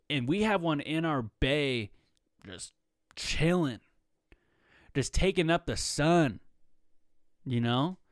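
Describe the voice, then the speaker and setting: A young man from the Pacific Northwest talks into a close mic, riffing through a solo comedy podcast in loose, slang-heavy tangents. His voice is smooth and resonant, and the room is dry with no echo. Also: mid-range voice. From Pacific Northwest, USA. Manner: laid-back, slangy, joking tangents, says bro and man.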